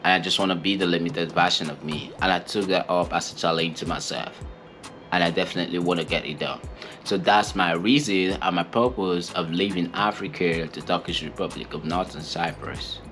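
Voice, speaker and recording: A young man from Nigeria with a very low, deep voice talks earnestly, pressing his points and repeating them for emphasis. Faint music plays behind him. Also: steady tone, fairly quick, a bit bright. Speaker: co-host of a couple's channel. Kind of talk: casual interview answer.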